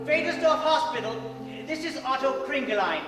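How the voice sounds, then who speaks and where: A man's voice: extremely high pitch, animated, moderate pace, loud music behind the voice. An actor in a stage musical playing a frail, anxious dying bookkeeper who pleads and half-sings his lines. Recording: echoey theatre hall, stage mic from far off, loud orchestra.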